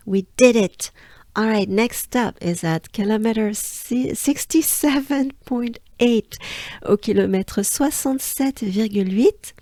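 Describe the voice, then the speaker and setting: A woman's voice: mid-range voice, takes it slowly, mellow, dry recording, clean studio sound. A woman from France with a French accent, teaching pronunciation patiently and drilling each syllable aloud. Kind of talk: slow pronunciation lesson.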